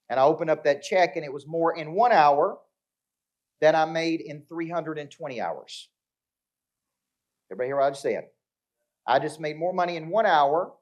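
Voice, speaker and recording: A middle-aged man giving a live motivational talk to an audience, telling stories with acted-out dialogue and checking in with the crowd. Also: a little high. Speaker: motivational speaker. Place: live event before an audience.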